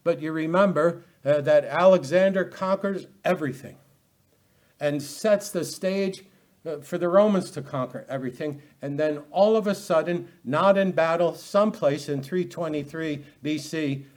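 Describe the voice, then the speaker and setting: Animated preaching man with a higher voice. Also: normal speed. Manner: animated preaching, frequent restarts and rhetorical questions. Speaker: pastor. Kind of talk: expository Bible sermon.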